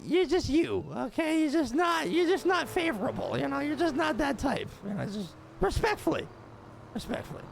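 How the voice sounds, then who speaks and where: A brash female clown, played by a woman in a game role-play, with a very high, gravelly voice that swings up and down wildly. She scolds and taunts bluntly. The voice chat carries clear background noise. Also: very animated, normal speed, exaggerated voice. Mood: smug. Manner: scolding, mocking sing-song taunts.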